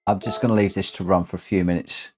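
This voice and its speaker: A man streaming a racing game to his viewers, breathless, excited and heartfelt as he reads out the results. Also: sits low, fast talker, soft background music. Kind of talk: live game commentary. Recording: clear background noise.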